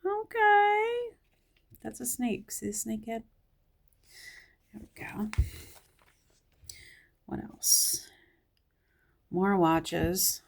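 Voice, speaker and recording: A woman's voice: mid-range voice, slow, gravelly, long pauses, a little mellow, husky. A woman with a Southern US accent, casually flipping through a magazine and giving a musing commentary as she thinks aloud. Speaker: magazine reviewer.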